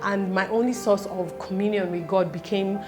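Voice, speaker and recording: A woman in her thirties speaking in a personal vlog, halting and close to tears, with faint music behind. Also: medium pitch, fairly even intonation. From Nigeria. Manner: tearful, halting, fighting back tears. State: close to crying. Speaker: vlogger.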